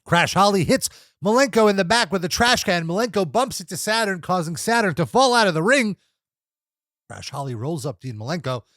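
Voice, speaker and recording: His voice is high and he talks a little fast, captured in studio quality without echo. As co-host of a casual wrestling review podcast, the young man lively recaps matches, laughing often and doing playful impressions of wrestlers and announcers.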